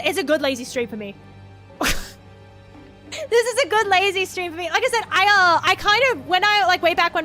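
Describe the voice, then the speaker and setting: Chatty Australian woman, bright and high. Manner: rambling, halting, with frequent restarts; swears casually. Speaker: VTuber streamer. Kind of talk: casual live-stream chat.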